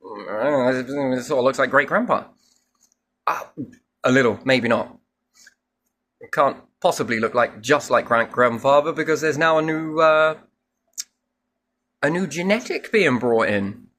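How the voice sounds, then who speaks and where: A man's voice: mid-range voice, lively intonation, a little slow, pauses often, fairly bright tone. A man rambling through a spiritual monologue, musing and asking himself questions, with casual swearing. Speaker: speaker musing on faith.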